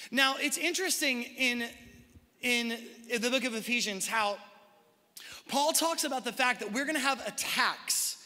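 A man with a high, very bright voice preaching to his congregation. He talks in a loose, conversational way, full of quick asides. His voice rings through a large church hall with a long reverb. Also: expressive. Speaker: pastor. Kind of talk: sermon. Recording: live sermon in a reverberant hall.

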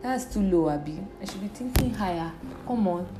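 A woman's voice: medium pitch, animated, fairly quick, music in the background. Playful Nigerian woman podcasting in an echoey room. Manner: playful, chatty, jumps between loud bursts and quiet asides. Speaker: podcast host. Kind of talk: casual solo podcast chat.

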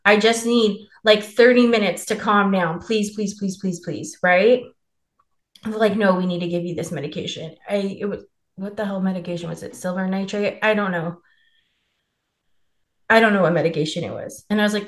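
A woman's voice: mid-range voice, echoey room. A young woman co-hosting a podcast, telling a personal story in a candid, profane, laughing way. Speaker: podcast co-host. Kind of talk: casual storytelling chat.

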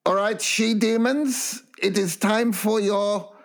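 A sinister, ancient lab assistant, put on by a man, drawls his lines slowly and with mock menace. The voice sits a little high. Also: fairly even intonation. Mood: mock-menacing.

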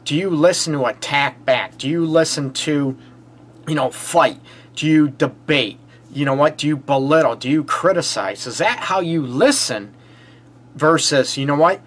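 A man's voice: fairly high pitch, fairly bright tone. A man with a Detroit accent hosting a relationship advice call-in show, talking emphatically with rhetorical questions, frequent "you know what" and short laughs. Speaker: relationship counselor and show host.

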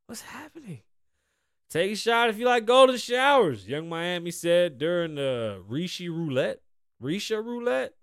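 A man's voice: high-pitched, clean tone, no echo, clean studio sound. A man hosting a podcast in casual chat, rambling and swearing freely as he reads and reacts to stories. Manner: rambling, profane, laughs at his own stories. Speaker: podcast host.

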